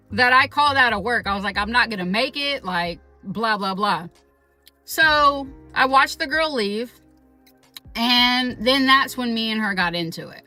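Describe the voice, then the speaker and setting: A woman telling a personal story in a casual, animated way, swearing often and acting out what people said. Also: on the high side. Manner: animated, profane, quotes people in raised voice. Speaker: vlogger.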